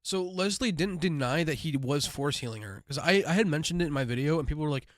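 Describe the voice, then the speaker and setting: A man hosting a live reaction stream, talking casually with quick asides. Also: on the high side, expressive, dry recording, clean studio sound.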